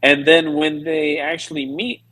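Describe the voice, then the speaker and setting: A man co-hosting a casual podcast, musing in a relaxed way. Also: fairly high pitch, unhurried. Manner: relaxed, musing, uses British slang. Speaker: podcast co-host. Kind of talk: casual chat.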